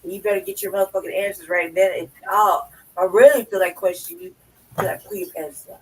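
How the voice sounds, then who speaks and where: High-voiced, brash podcast co-host. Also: male voice, fast, recorded from a distance, slight background noise, low-quality recording. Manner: brash, profane, boastful banter. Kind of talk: casual chat.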